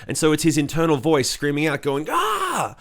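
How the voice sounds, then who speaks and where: A man co-hosting a podcast, a rock singer telling a studio story in a casual, profane, animated way. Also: on the high side, quick pace.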